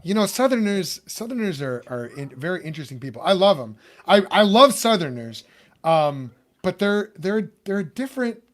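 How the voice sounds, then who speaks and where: A man's voice: sits high, big pitch swings, normal speed, fairly bright tone. A man from Chicago hosting a podcast, chatty and rambling, with many fillers and restarts. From Chicago, USA. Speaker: podcast host. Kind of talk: casual podcast interview.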